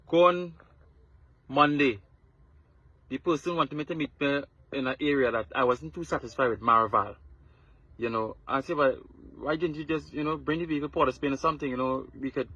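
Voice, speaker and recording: A man's voice: fairly high pitch, sharp tone, no echo, dull audio. A Trinidadian man telling what happened to him in a casual video, stumbling and repeating words. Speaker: TikTok influencer.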